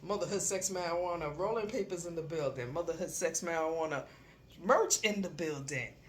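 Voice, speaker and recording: A speaker giving a hyped, repetitive promotional shout-out for a podcast. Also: mid-range voice, fairly quick, a little hiss or hum.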